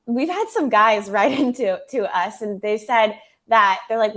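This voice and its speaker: A woman's voice: a little high, lively intonation, unhurried, few pauses, a bit bright. A woman guest on a podcast, an app founder, chatting casually in a bubbly way and laughing often. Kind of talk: casual chat.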